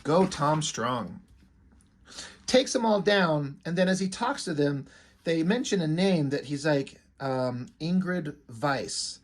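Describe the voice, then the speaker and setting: Excitable man reviewing comics. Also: a little high, takes it slowly. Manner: excited, swears, many fillers.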